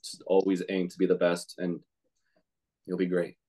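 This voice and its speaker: A young man with a very low voice chats in a loose, rambling way, leaning on "like" as he goes. He speaks as a band member in a relaxed interview. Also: normal speed. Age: young adult. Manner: rambling, full of "like". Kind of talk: casual chat.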